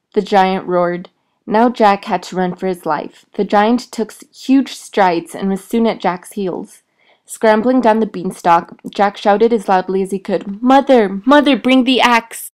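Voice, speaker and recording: A woman reading a fairy tale aloud in a clear, expressive storytelling manner. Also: medium pitch.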